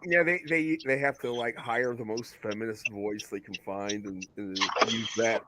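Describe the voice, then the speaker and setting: A man's voice: on the low side, fairly even intonation, normal speed, heavy background noise. A man hosting a casual chat, joking and swearing, laughing often.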